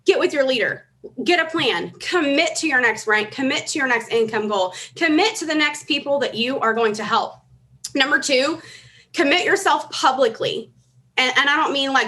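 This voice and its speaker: A woman's voice: sits high, bright, forceful tone. A woman in her thirties speaking on a convention stage, emotional and earnest, building to urgent calls for commitment. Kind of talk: motivational stage speech. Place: large convention hall.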